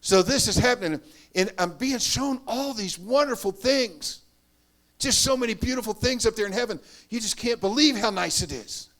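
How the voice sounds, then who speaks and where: A man preaching a sermon, telling his story earnestly, rising to loud emphatic bursts and dropping to hushed asides. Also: sits high, lively intonation, moderate pace. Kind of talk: sermon testimony.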